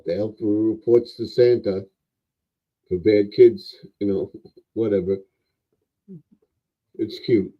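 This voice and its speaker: A man hosting a casual livestream, chatting in an unhurried way and talking to a toy. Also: on the low side. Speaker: livestream host. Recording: dull lo-fi livestream audio.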